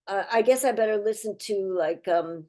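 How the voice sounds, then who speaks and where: An older actress talking as an interview guest, effusive and heartfelt, chatty with frequent restarts. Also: female voice, medium pitch, normal speed, warm tone. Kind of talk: casual interview chat.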